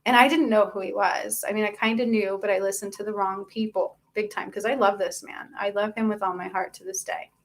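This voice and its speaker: A woman's voice: medium pitch, fairly even intonation, brisk, gravelly, hardly any pauses. A woman speaking as a spiritual channel host. She gives an earnest, confessional personal testimony and often stops and restarts mid-sentence. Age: adult.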